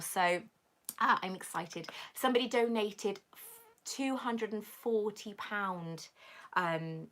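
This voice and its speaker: An effusive woman from Britain chats through a live-stream Q&A on her channel. Her pitch sits in an ordinary middle range. She reads out viewer comments and answers each one with gushing thanks. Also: a bit bright.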